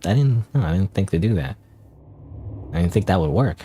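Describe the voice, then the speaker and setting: A man's voice: deep voice, animated, fairly quick, mellow, slight background noise. A man streaming a game, thinking aloud in casual commentary with many restarts and hesitations.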